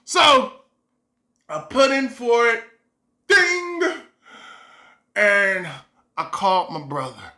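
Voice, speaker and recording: A woman telling a funny story on her vlog, taking her time over each line. Her voice sits a little high and has a bright, forceful edge. She talks in loose, repetitive phrases and breaks into animated exclamations. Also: very slow, long pauses, reverberant. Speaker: vlogger. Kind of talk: comic storytime.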